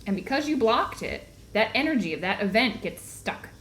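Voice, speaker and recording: A woman's voice: fairly high pitch, sing-song, moderate pace, fairly bright tone, slight background noise. Earnest woman teaching, checking in often. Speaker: book club host and teacher. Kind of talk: live online book discussion.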